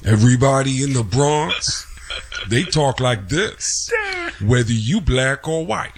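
A man's voice: medium pitch, expressive, takes it slowly, slight background noise. A man doing a brash, drawling comedian impression. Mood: amused. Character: brash loud-talking male comedian, an impression.

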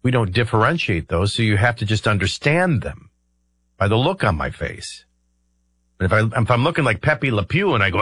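A man's voice: medium pitch, big pitch swings, a little fast, fairly bright tone, breathy edge, no room sound. A middle-aged man hosting a talk radio show, explaining his views in a rambling, conversational way with many ums and uhs. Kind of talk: conversational political commentary.

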